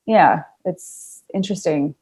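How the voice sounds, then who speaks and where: A woman co-hosting a podcast, speaking in an expressive, confiding way and laughing easily during a casual chat. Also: lowish voice, slow, slightly rough. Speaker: podcast co-host.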